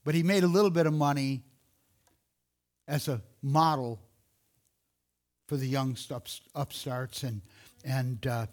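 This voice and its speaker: A man with a plain middle-pitched voice tells a story in an easy, rambling way. He restarts often and corrects himself as he goes, and the talk was recorded outdoors. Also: steady tone, unhurried, long pauses. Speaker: speaker telling a closing story. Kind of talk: informal storytelling.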